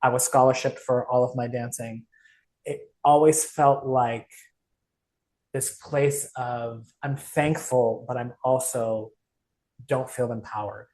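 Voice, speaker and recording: A man in a casual conversation, his voice in a middle register. He speaks candidly, opening up about personal struggles with clear emotion. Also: medium pitch, steady tone, slow pace, darkish tone, low-quality recording. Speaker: coach.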